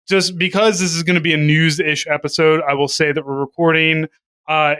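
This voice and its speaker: A man with a bright, tense and crisp voice chats casually as a podcast co-host. He rambles, jokes and swears freely, and his voice sits a little high for a man. The sound is close and dry. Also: dry recording. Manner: profane, rambling, jokey.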